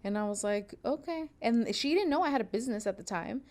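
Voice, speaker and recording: A woman's voice: medium pitch, expressive, fast talker, darkish tone. A young woman hosting a podcast from a sewing studio, telling a story in a casual, profane way and acting out what people said. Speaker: podcast host, seamstress.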